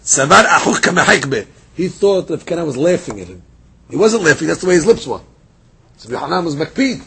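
A man teaching a daily Talmud class, reading passages aloud and retelling them as a lively story. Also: on the high side, fast, vocal fry, slightly rough. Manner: lively storytelling, reads Aramaic then explains in English.

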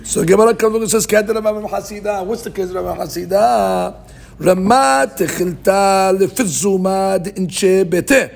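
A man leads a daily Talmud class, reading the Aramaic text aloud and explaining it in English. His voice sits high and carries a gravelly edge. He keeps things animated by asking his own questions and then answering them. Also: moderate pace. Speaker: Talmud teacher. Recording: podcast recording of a live class.

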